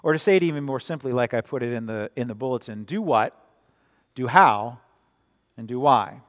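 A man's voice: medium pitch, lively intonation, normal speed. A man preaching a sermon in a church, conversational and often tossing in "right?" to the congregation. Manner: conversational, frequent "right?" asides. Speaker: pastor. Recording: reverberant church sanctuary.

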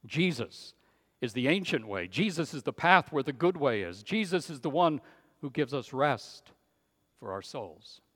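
Emphatic preacher in a reverberant hall. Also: male voice, mid-range voice, sing-song, a little slow. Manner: emphatic, swings from loud to hushed. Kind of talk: sermon.

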